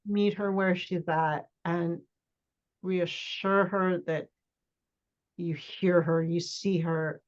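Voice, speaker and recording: A woman's voice: on the low side, steady tone, takes it slowly, highs cut off. A woman guest talking reflectively over a remote call, thinking aloud with small restarts. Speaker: coaching client and guest. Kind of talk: casual conversation.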